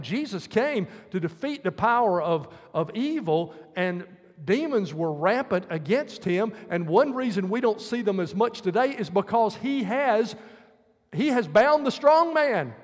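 A man's voice: high voice, big-room sound. A male preacher giving a sermon, earnestly explaining scripture verse by verse.

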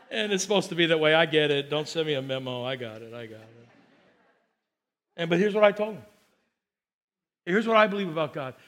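A middle-aged man preaching a sermon as pastor, chatty and storytelling with quick asides, slowing down and lifting his voice when he preaches scripture. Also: on the high side, a bit bright. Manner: slows and lifts voice to preach scripture.

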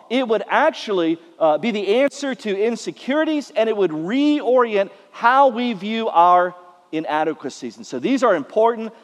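A man's voice: high-pitched, in a large hall. A man preaching a sermon as a pastor, in a conversational way with many filler uhs.

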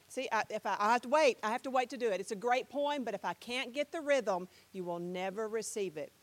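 Woman, middle-aged, Bible class teacher. Chatty, direct, questions the room. Slightly high voice, dry sound. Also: brisk, few pauses, no room sound.

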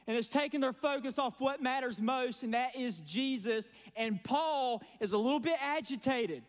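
A man preaching a sermon as pastor, folksy and energetic with sarcastic asides. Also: very high-pitched, moderate pace. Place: church sanctuary. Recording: long reverb from a church hall.

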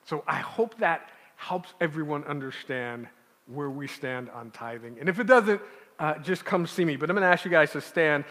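A man's voice: fairly high pitch, lively intonation, moderate pace, a bit bright. A man preaching as a pastor, talking conversationally with asides and restarts. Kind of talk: sermon. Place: church sanctuary. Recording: long church reverb.

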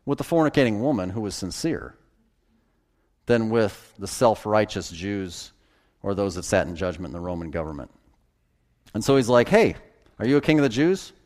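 A man's voice: lowish voice, darkish tone. A man pastor preaching a conversational sermon, with sudden emphatic bursts.

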